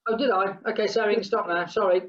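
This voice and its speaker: A woman's voice: mid-range voice, steady tone, fast talker, dull audio. A woman leading a group exercise class, chatting between count-downs and humming playful sounds. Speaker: fitness instructor.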